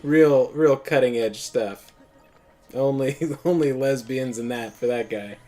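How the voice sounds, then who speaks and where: A man's voice: medium pitch, measured pace, darkish tone, faint music behind. A man hosting a casual gaming commentary, rambling through crude jokes and laughing often. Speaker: let's play host.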